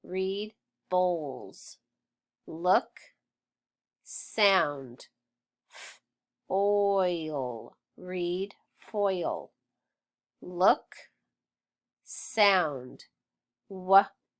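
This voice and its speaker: A woman leads a phonics drill at a very unhurried pace. She stretches each sound out and cheers the learner on. Her voice sits a little low. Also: animated. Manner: patient, encouraging, stretches sounds out. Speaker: phonics teacher. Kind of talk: slow, clear phonics drill.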